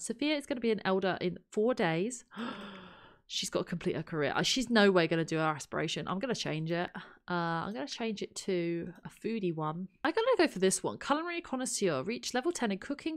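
A woman's voice: mid-range voice, animated, fairly quick. A woman giving chatty let's play commentary, thinking aloud and exclaiming at what happens in the game. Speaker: gaming channel host.

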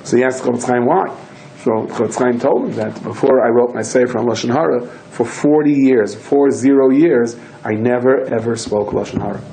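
A man of middle pitch giving a storytelling Torah talk. He tells his stories with lively delivery and slips into his characters' voices as he goes. Faint ambient noise sits quietly behind him. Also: normal speed, low-quality recording. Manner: animated storyteller who acts out voices and shouts in quoted lines. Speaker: rabbi.

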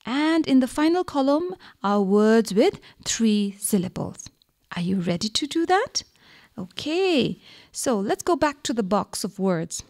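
A woman's voice: fairly high pitch, very animated, a little slow, a little mellow. A woman teaching a radio lesson to young children, patient and coaxing, asking questions and answering them herself. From Bhutan.

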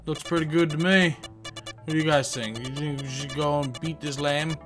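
A man hosting a video game let's-play, with excitable, crude joking commentary. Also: on the high side, moderate pace, music in the background. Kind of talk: gameplay commentary. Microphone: headphones on, home setup.

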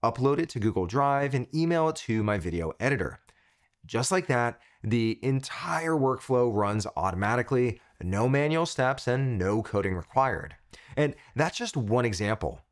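An enthusiastic male tech tutorial host guides viewers through software in an upbeat, scripted product review. His mid-pitched voice swings widely with lively, animated phrasing and quick, punchy asides.

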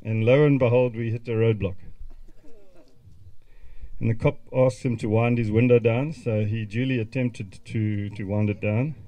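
A man's voice: medium pitch, fairly even intonation, moderate pace, dry recording, low-quality recording. Man speaking at a memorial. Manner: warm reminiscing with chuckles and restarts. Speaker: eulogy speaker. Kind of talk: memorial speech. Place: outdoor gathering at a country club.

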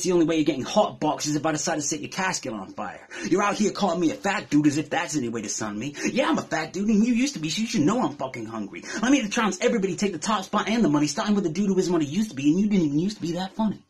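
A man's voice: on the high side, breathy edge. A man from England delivering a battle rap verse, taunting his opponent with aggressive insults. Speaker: battle rapper.

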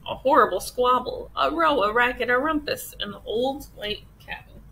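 A woman teacher reading a children's picture book aloud with expressive storytelling. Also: fairly high pitch, moderate pace, gravelly, slight background noise, low-quality recording.

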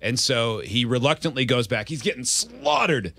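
A man hosting a casual sports interview, telling stories and quoting people with animated delivery. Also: medium pitch, moderate pace, gravelly. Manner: storytelling, animated quotes. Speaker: radio host.

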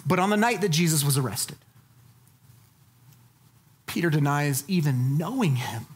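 A woman pastor delivering a sermon, lively and dynamic, dropping to low, soft tones for emphasis.

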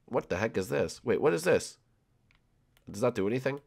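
A young man commenting on a building game, rambling and excitable with many fillers. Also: mid-range voice, moderate pace, gravelly, breathy edge. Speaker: gaming channel host. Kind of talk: gameplay commentary with role-play.

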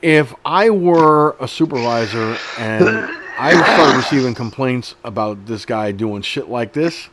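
A man's voice: mid-range voice, animated, unhurried, background noise. A middle-aged man hosting an online news show, reading an article aloud and breaking off into blunt, profane, indignant commentary.

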